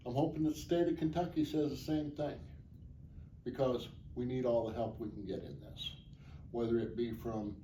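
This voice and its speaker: Here a charity motorcycle ride organizer fields interview questions, his warm mid-range voice earnest and plainspoken as he rambles on. Picked up from a distance, the sound is off-mic and echoey, with slight noise behind it.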